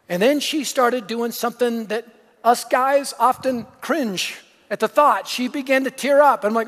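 A middle-aged pastor delivers a sermon, his voice sitting unusually high for a man. He tells stories with energy, shouting some lines and dropping to near-whispers on others. His voice carries a long hall reverb. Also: moderate pace. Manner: energetic storytelling preacher, swinging from shouts to hushed asides.

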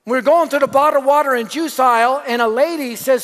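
A middle-aged pastor preaches in a voice pitched unusually high for a man, speaking a little fast. He tells stories energetically, shouting some lines and sinking to near-whispers on others, all with a long hall reverb.

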